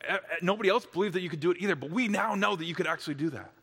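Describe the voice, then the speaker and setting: A man's voice: high voice, very fast, sharp tone, slightly rough, long reverb tail, heavily acted. A man doing an eager, amazed promoter. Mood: excited.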